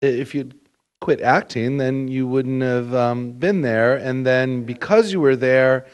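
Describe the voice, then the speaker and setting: A man with an average-pitched voice hosts a relaxed chat. He talks conversationally and keeps prompting his guest with questions. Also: a little slow, smooth. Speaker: interview host. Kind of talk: casual interview chat.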